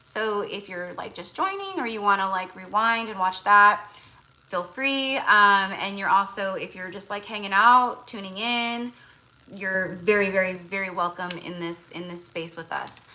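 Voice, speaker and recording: Woman, tarot livestream host, casual rambling chat, bright clear voice, lots of fillers. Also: medium pitch, unhurried, low-quality recording. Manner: rambling, full of fillers and restarts.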